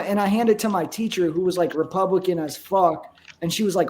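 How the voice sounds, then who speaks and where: A man's voice: high-pitched, fast, darkish tone. Young man telling loose stories. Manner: swearing, laughing storyteller. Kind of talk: casual chat.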